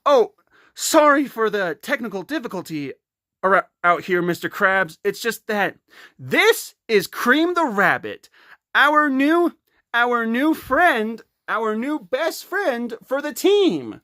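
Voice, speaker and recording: Lady doing a hedgehog hero dude, voice dropped low, slow and stumbly, dead dry sound. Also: big pitch swings, a bit bright, dry recording, heavily acted. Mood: explaining. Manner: hesitant, restarting sentences. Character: friendly young male hedgehog hero. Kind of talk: homemade fan voice acting.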